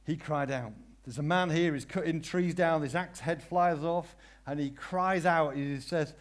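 A man preaching a sermon, swinging from hushed, prayerful phrases to loud cries and repeating his questions for emphasis. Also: fairly high pitch, unhurried, few pauses.

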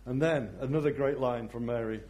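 A man preaching a sermon in a reflective way, often dropping to a soft voice for emphasis. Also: medium pitch, brisk.

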